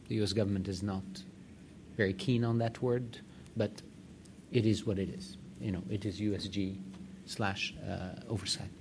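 A man's voice: lowish voice, fairly even intonation, moderate pace, background noise. A man executive giving direct, emphatic remarks to a meeting. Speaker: organization executive addressing a meeting. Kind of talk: conference remarks.

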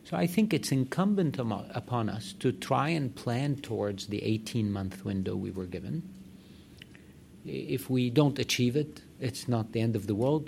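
A man's voice: medium pitch, gravelly, a little mellow, a little hiss or hum. A man executive giving direct, emphatic remarks to a meeting. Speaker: organization executive addressing a meeting. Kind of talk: conference remarks.

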